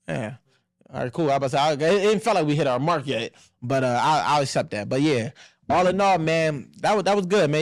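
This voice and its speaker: A man in his thirties hosting a casual podcast discussion, animated and blunt, acting out family voices and swearing freely. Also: fairly high pitch, no room sound, studio quality. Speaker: podcast host.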